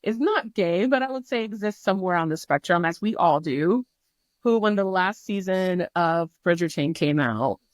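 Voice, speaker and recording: A woman on a podcast speaks candidly and chattily, with a voice pitched a little low. She curses without fuss and loops back on her thoughts. The sound is dry and close, with no room around it. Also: lively intonation, moderate pace, dry recording. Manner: candid, chatty, swears freely, many fillers and restarts. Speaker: podcast guest. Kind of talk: casual chat.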